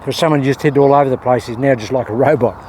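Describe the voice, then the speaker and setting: A man's voice: mid-range voice, rapid-fire, a little mellow. A man talking to camera at an outdoor golf practice area, chatting casually and coaching himself between shots. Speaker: golf vlogger. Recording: faint outdoor noise.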